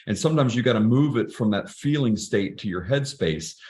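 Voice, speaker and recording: A man's voice: mid-range voice, lively intonation, brisk, a little mellow. A middle-aged man speaking as a podcast guest, telling personal stories in an earnest, reflective way with frequent restarts. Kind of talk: casual interview conversation.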